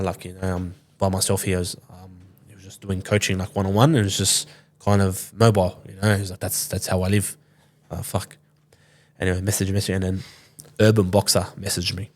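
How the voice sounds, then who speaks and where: His voice is low-pitched and a little mellow: a Sydney man in his twenties telling a story as a podcast guest. He's casual and loose, often swearing and acting out what people said to him.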